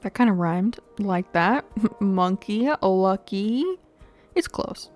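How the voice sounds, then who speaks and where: A woman's voice: mid-range voice, takes it slowly, darkish tone, faint music behind. A young woman giving chatty, playful commentary while playing a video game, laughing often and talking to her viewers. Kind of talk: casual gameplay commentary.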